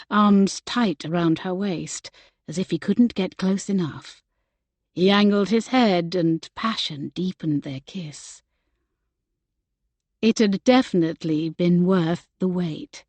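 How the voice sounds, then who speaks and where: A woman narrating a romance novel in a gentle storytelling manner. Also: mid-range voice, dry recording. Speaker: audiobook narrator. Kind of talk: scripted narration.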